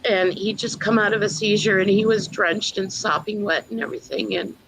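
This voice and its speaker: A woman, a mother, giving a personal testimony in an earnest, storytelling way with many pauses. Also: mid-range voice, fairly even intonation, creaky, fairly bright tone, slight background noise, low-quality recording. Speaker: guest mother.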